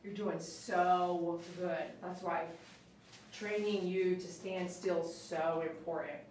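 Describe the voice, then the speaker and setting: Slow, steady and on the low side, this woman's somewhat dark voice comes with slight hiss or hum. Recorded from a distance in a very echoey grooming room, she's a dog groomer chatting casually on a live stream as she works and sing-songs to coax the dog.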